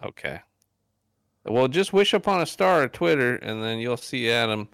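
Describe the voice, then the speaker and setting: A man's voice: medium pitch, lively intonation, moderate pace, fairly bright tone, smooth, dry recording, studio quality. A man co-hosting a gaming podcast in casual, joking chat, wrapping up the show. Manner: joking, laid-back. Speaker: podcast co-host.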